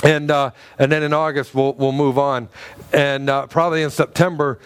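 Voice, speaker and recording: A man's voice: medium pitch, flat delivery, normal speed, clear, resonant tone. A middle-aged man preaching a sermon as pastor, chatty and joking, with frequent restarts and laughs.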